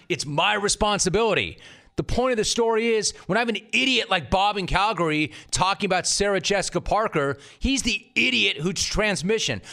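A middle-aged man hosting a sports radio show, ranting loudly, telling stories and interviewing a guest. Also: on the high side. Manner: loud, ranting, storytelling with acted quotes.

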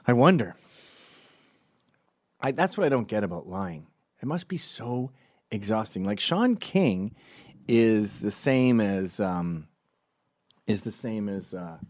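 A man hosting a comedic political monologue, sardonic and animated, slipping in and out of mocking impressions and swinging between loud and hushed delivery. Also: on the low side, dry recording, studio quality.

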